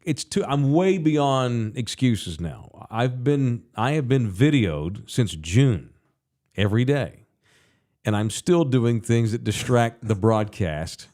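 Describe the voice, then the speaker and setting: Man, forties, podcast host, loud, animated, swears freely, casual chat. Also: mid-range voice, takes it slowly. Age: 40s.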